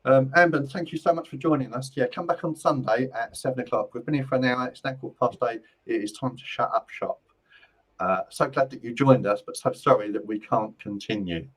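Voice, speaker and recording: Brief: male medium hosting a live stream, mid-pitched, chatty and repetitive, stumbles over restarts. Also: brisk, husky, low-quality recording. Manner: rambling, repeats phrases, stumbles on restarts. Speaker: spiritual medium and host. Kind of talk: live-stream psychic readings.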